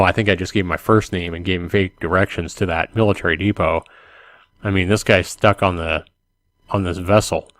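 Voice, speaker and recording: Casting: man, lowish voice, dry close sound, calm ASMR read-aloud with casual asides. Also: no room sound. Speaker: channel host reading a text game.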